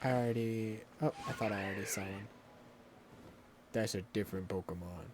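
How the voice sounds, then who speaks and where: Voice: sits low, brisk, background noise. A streamer giving casual live commentary on a game, swearing freely, joking with chat and ranting at the game's mechanics.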